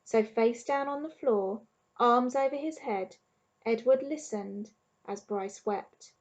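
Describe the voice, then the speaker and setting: A woman teacher with an English accent reading a storybook aloud to her class in an expressive, measured way. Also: fairly high pitch, highs cut off. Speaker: primary school teacher.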